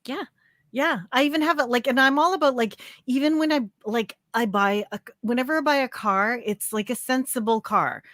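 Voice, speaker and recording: A Canadian woman in her thirties talks in a loose, chatty way, stacking "like" between her thoughts. Her voice sits a little high. The recording is close and dry, with no room sound. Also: fairly bright tone, dry recording. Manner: chatty, filler-heavy, quick laughs. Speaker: co-host, crochet designer. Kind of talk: casual livestream chat.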